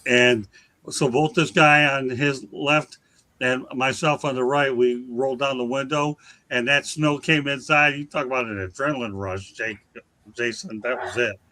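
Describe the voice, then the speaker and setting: Folksy man hosting with a bright voice. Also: medium pitch, fairly even intonation, moderate pace, poor audio. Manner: boisterous, folksy storyteller. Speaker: host. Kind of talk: casual radio chat.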